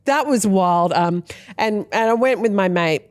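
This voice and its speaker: A woman's voice: mid-range voice, measured pace, no echo. A woman hosting a podcast in casual chat, chatty, laughing easily and swearing casually. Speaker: podcast host.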